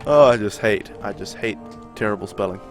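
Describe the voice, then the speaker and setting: A man's voice: on the low side, fairly quick. New Zealand man chatting over game music. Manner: relaxed, rambling, laughs often. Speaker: game streamer. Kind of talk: casual chat while playing, reading out chat.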